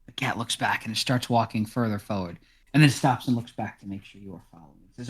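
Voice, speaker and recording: A man narrating as game master in a tabletop game, describing scenes with a relaxed, steady delivery. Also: lowish voice, fast talker, breathy edge.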